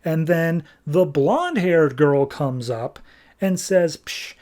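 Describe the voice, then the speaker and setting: A man on a podcast casually recapping a comic book, animated and nitpicky, tossing off quick character lines as he goes. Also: a little high. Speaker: podcast host.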